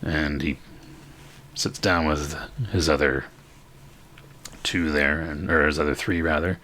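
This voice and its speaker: A man narrating a tabletop game as game master, halting and full of fillers. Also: rumbling low, fairly even intonation, bright, forceful tone.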